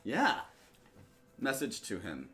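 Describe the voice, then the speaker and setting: A man's voice: mid-range voice, wildly swooping pitch, slow, a bit bright. A man playing a tabletop game, thinking aloud about the rules. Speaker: player. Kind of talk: tabletop role-play. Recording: music playing behind.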